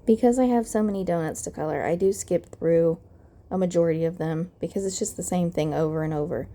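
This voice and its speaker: A young woman talks through a card-making tutorial in a calm, methodical voice-over. Her voice is low and mellow, with a gravelly, crackly early-morning roughness running through it. She explains each step plainly and evenly. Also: brisk.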